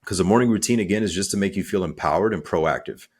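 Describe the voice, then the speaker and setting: A man speaking as a coach in a podcast interview, energetic and conversational, acting out little quotes as he talks. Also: sits low, fast, breathy edge. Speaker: guest, transformational coach.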